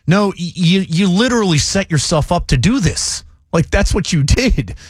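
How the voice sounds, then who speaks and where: A man hosting a morning sports talk radio show, speaking in an animated, emphatic way with quick restarts. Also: high voice, husky, no echo, studio quality. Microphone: studio microphone.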